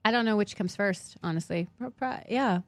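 A woman's voice: mid-range voice, normal speed, no room sound. A woman guest on a podcast, an actress and producer, talking in an easygoing, candid casual chat and swearing now and then.

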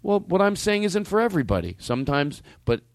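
A man hosting a comedy podcast, talking in a brash, profane, animated way. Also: sits high, a little fast, dry recording. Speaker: podcast host. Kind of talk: casual comedy chat.

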